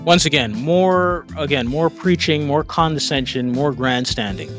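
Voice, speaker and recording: A man's voice: a little high, measured pace, soft background music. Exasperated mocking male commentator. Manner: mocking, exasperated, keeps saying calm down. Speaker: commentator reacting to clips. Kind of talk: opinion commentary.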